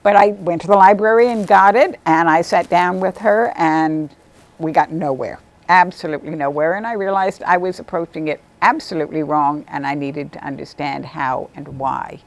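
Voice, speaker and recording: A woman, a volunteer literacy tutor, telling stories about her students in a lively interview, sometimes acting out what they said. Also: normal speed. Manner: animated, acts out quotes in a higher voice. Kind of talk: storytelling interview.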